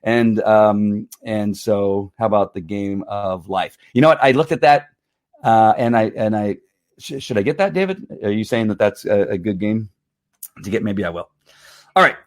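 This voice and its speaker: A middle-aged man talks casually on his livestream, his lowish voice a little hoarse from strain. He rambles, stumbles over repeated words and breaks into laughs as he goes. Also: normal speed. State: slightly hoarse from strained vocal cords. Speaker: livestream host.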